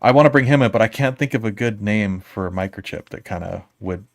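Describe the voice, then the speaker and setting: A man's voice: on the low side, fairly quick, no echo, clean studio sound. A man in his forties, a comic book artist, talking through ideas in a rambling casual chat with chuckles between thoughts.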